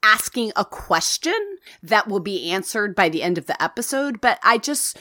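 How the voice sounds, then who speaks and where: A woman co-hosting a casual podcast chat about a TV series, animated, laughing often and swearing casually. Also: mid-range voice, normal speed, dry recording, studio quality. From Latina heritage, not a place. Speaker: podcast co-host reviewing a TV series.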